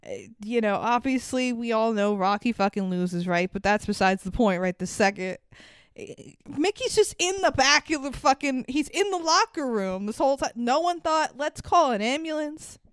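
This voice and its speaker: Woman co-host, casual podcast chat, blunt and sweary, smooth clear voice, dry close mic, slightly high. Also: expressive, moderate pace, no echo. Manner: blunt, sweary, laughs while recounting scenes.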